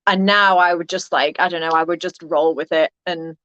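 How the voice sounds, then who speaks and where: A woman's voice: fairly low pitch, fairly even intonation, normal speed, fairly bright tone, dry recording. An English woman, a wrestling ring announcer, chatting in an interview in a rambling, hesitant way with plenty of ums. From England. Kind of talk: casual interview chat. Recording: dull, lo-fi, dry sound.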